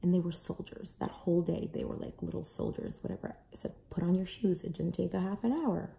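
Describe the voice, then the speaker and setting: A young adult mother casually telling a family story to camera, animated, acting out voices now and then. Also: lowish voice, brisk, vocal fry, in a whisper. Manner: animated, acts out kids' and own voices. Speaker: parent vlogger.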